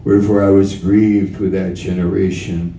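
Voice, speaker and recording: A man preaching a sermon, slow and emphatic, repeating his key phrases. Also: low voice, flat delivery, mellow, recorded from a distance. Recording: roomy sound from off-mic.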